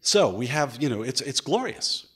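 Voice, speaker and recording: A man lectures to an audience in a museum hall, with a middle-pitched voice. He speaks with animated enthusiasm and often stumbles over repeated words and fillers as he goes. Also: moderate pace, breathy edge.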